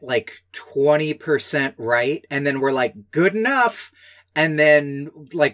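Critical podcast co-host who says "like" a lot. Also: mid-range voice. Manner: critical, heavy use of "like". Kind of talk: casual film-review chat.

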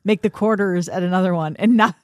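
Woman podcast host, opinionated, easy laugh, mid pitch, dry close mic. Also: fast talker, a little mellow, no echo. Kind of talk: casual chat.

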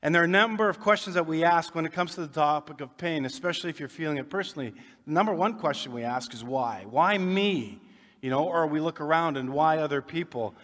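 Male pastor, folksy and joking, slightly high voice, church hall reverb. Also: fast talker, a bit bright. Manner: folksy, joking, conversational preaching. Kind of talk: sermon. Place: church sanctuary.

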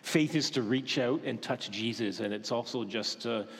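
Male pastor, mid-pitched, preaching with questions and hushed asides, long church reverb. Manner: questioning, dramatic pauses, softens to a hush for gentle moments. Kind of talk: sermon.

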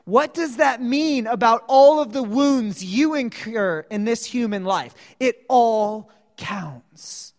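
A woman's voice: a little high, animated, takes it slowly, hardly any pauses, a little mellow. A woman preaching a sermon, telling the story dramatically and acting out the voices of the people in it. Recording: long reverb of a large hall.

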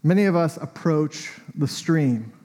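A man's voice: on the high side, expressive, a little slow, dark tone. A man preaching a sermon in a conversational, storytelling way, often with a light chuckle.

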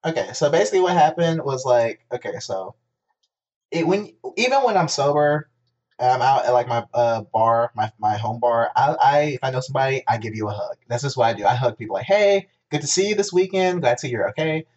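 A man's voice: mid-range voice, lively intonation, a little fast, a little mellow, highs cut off. A man co-hosting a podcast, chatting casually and telling rambling stories with lots of restarts. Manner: rambling storyteller with many restarts. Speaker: podcast co-host. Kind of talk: casual chat.

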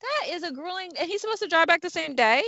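A woman's voice: very high-pitched, expressive, quick pace, pushed and bright, no room sound, highs cut off. A woman from New Jersey co-hosting a podcast, chatting casually with frequent laughs and easy swearing. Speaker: podcast co-host. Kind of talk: casual chat.

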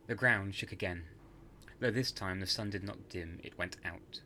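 A man tells a dark tale in scripted podcast narration, measured and hushed. His voice is very deep, yet crisp and forceful, with a faint hiss behind it. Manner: measured, hushed dramatic storytelling. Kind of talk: scripted horror story narration.

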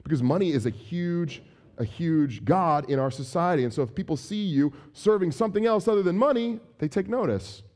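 Brief: man, pastor, casual lively sermon, warm dark tone. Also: on the high side, brisk. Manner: conversational, animated, acts out examples.

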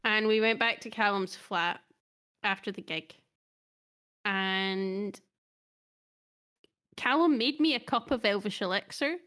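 A woman's voice: mid-range voice, slow pace, pauses often, fairly bright tone. A woman co-hosting a podcast, casually telling stories and laughing often. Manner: chatty storyteller, laughing often. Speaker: podcast co-host. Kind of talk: casual chat.

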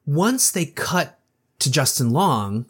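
A man's voice: fairly high pitch, takes it slowly, husky. Talkative man discussing a movie. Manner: animated, acts out quotes, conversational asides. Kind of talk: casual film discussion.

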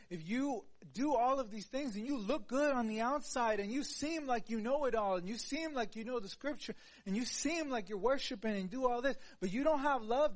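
A man preaching a sermon in an earnest voice, dropping to a hush and then rising to louder, emphatic lines. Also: sits high. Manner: earnest, swings between soft hushed passages and louder emphatic ones.

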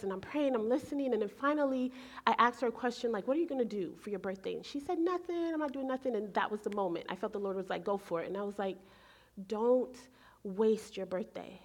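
A woman in her forties preaching, telling a personal story in an animated way and acting out her own thoughts. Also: medium pitch, fast. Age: 40s. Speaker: pastor. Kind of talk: sermon storytelling.

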